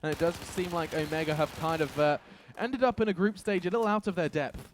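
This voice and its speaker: Rapid-fire male esports caster. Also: fairly high pitch, noisy background. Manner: fast excitable commentary, self-deprecating jokes. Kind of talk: esports play-by-play commentary.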